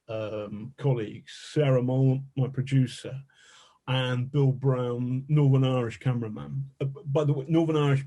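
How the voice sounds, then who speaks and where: A man, a journalist, telling a lively, self-mocking anecdote as a podcast guest, with a lot of swearing. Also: medium pitch. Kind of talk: anecdotal storytelling.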